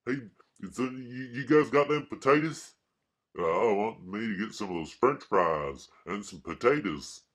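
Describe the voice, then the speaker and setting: A man putting on the voice of a slow, simple-minded rural Southern man who grunts and drawls his words. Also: fairly low pitch, expressive, pitched above the performer's own voice. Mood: dim, earnest.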